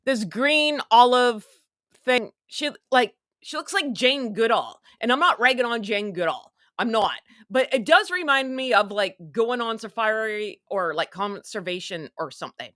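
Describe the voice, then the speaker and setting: A woman's voice: fairly high pitch, expressive, a little slow, pushed and bright, no room sound, clean studio sound. A woman hosting a casual live stream, talking in a sarcastic, rambling, chatty way. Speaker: online show host.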